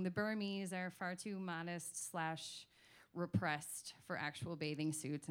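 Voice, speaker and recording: A woman's voice: on the low side, clear, resonant tone. A woman telling a personal story on stage, candid and emotional, swearing freely.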